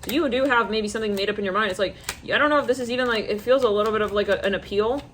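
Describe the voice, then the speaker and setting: A woman giving a casual, rambling psychic tarot reading to her viewers, slipping into quick quoted asides. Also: medium pitch, fairly bright tone, slight background noise. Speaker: tarot reader.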